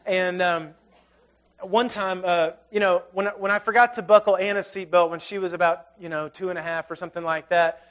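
Pastor guy in his 30s with a high voice, chatty sermon, self-deprecating stories, goes loud then real quiet. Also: steady tone, brisk. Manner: storytelling with self-deprecating humor; swings from loud to hushed. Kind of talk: conversational sermon.

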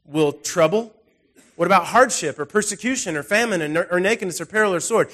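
A man preaching a sermon in a relaxed, conversational way, telling personal stories with frequent restarts. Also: high-pitched, brisk. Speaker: pastor.

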